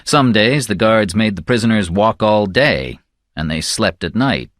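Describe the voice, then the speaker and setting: Male audiobook narrator, low and somber, slow measured read, dry close recording. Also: expressive, a bit bright, no room sound.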